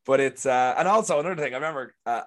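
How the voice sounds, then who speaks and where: A man's voice: mid-range voice, very fast. A young Irish man telling stories in casual conversation, rambling and acting out what people said. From Ireland. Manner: chatty, rambling storyteller who acts out quotes. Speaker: guest actor. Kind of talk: casual chat.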